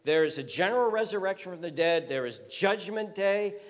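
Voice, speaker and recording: Man, pastor, earnest sermon, fairly high voice, long hall reverb. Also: lively intonation, brisk. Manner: earnest preaching with many restarts, rising in pitch when stressing points.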